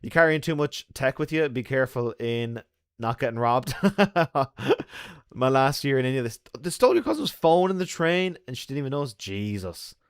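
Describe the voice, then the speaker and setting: A man's voice: medium pitch, lively intonation, moderate pace, clear, resonant tone, dry recording. An Irish man hosting a loose, casual chat with his viewers from a bar. He jokes and laughs easily as he talks. The sound is dry and close. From Ireland. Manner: chatty, joking, laughs often. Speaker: host.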